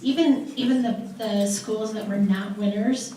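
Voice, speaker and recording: A woman's voice: medium pitch, steady tone, unhurried, mellow. A woman leading an association, giving a casual and enthusiastic talk at a convention. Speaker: association leader presenting at a convention. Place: large convention hall. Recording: echoey hall from far off, faint noise.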